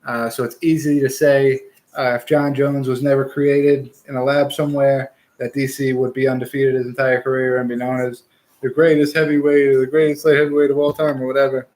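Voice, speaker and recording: A man's voice: mid-range voice, flat delivery, brisk, darkish tone. Blunt, profane young man talking fights. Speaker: podcast host giving fight picks. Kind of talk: casual fight talk.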